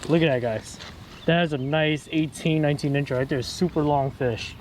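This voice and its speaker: A young man filming his fishing trip on a creek, talking casually and excitedly, repeating his exclamations and calling his friends bro and dude. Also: on the high side, normal speed. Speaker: fishing vlogger. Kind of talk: casual outdoor fishing commentary. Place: outdoors on a creek. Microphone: action camera. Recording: outdoor camera audio with loud water noise.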